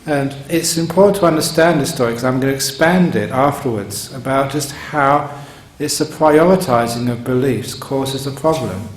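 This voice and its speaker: A monk's mid-range voice carries at a normal speed through a roomy meditation hall, with a faint hum in the background. His Dharma talk meanders through stories, punctuated by chuckles.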